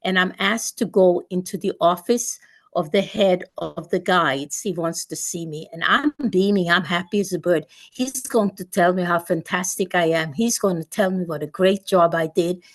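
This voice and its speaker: A woman's voice: lowish voice, moderate pace. Older woman recounting a memory. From Sweden. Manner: vivid recounting with repetitions and restarts. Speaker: guest speaker. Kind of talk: personal storytelling.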